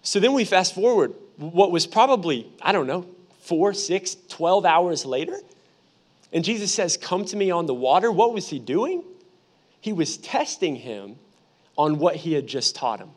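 A young man in his twenties, a pastor giving a lively, humorous sermon full of personal storytelling. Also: sits high, a little slow. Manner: animated, humorous, conversational preaching.

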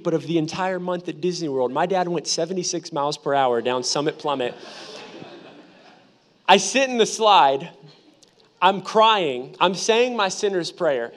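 High-voiced young man preaching with humor. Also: moderate pace. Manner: animated, humorous, conversational preaching. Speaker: pastor. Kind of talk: sermon with personal storytelling.

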